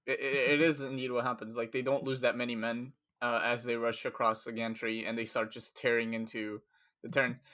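Guy rambling through a story recap, lots of ums and likes, mid pitch. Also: level tone, fairly quick, pushed and bright. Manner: rambling, lots of fillers and acted quotes. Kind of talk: casual chat recapping a story.

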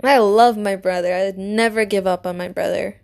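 A young woman speaking to her viewers about her faith and her family. Her voice sits at an ordinary middle pitch, and her delivery is earnest and emotional. She often lets it sink to a hushed whisper. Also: fairly even intonation, moderate pace, gravelly. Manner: heartfelt and emotional, often dropping to a soft whisper. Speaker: vlogger. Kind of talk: personal faith-based storytelling.

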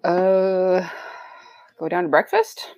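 A woman's voice: lowish voice, slow, no echo, low-quality recording. A woman playing a tabletop game, talking casually with a giggly manner. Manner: giggly, animated. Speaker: player.

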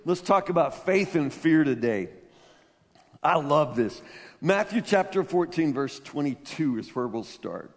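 Pastor preaching in a reverberant hall. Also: male voice, a little high, a little slow. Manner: animated storytelling, rising to loud emphatic peaks. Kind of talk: sermon.

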